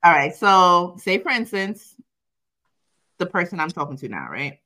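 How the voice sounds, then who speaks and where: A young adult woman co-hosting a podcast, telling a personal story in casual chat, profane and animated, quoting herself and laughing often. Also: fairly low pitch, measured pace. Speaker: podcast co-host.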